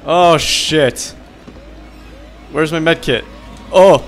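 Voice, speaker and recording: A man's voice: on the high side, drawn-out words, faint music behind. A man giving live commentary while playing a horror game, swearing, screaming when startled, and laughing nervously to himself. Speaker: gamer.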